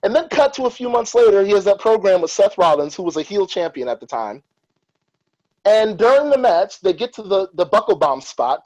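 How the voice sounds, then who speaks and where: A man's voice: a little high, darkish tone, low-quality recording. A man hosting a podcast, in casual chat, telling stories with animation and strong opinions. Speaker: podcast host.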